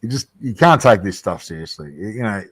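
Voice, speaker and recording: A man chatting loosely on a livestream call, loud and full of swearing, with laughter breaking into his stories. His voice sits fairly low and sounds dry and close, with no room around it. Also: lively intonation, a little fast, slightly rough, no echo. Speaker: livestream co-host. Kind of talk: casual livestream chat. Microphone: computer mic on a video call.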